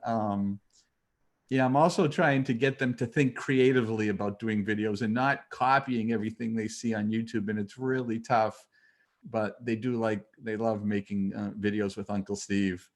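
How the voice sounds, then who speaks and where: A man's voice: mid-range voice, steady tone, moderate pace. A man hosting a casual video call chat, talking in a chatty, rambling way with fillers. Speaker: host.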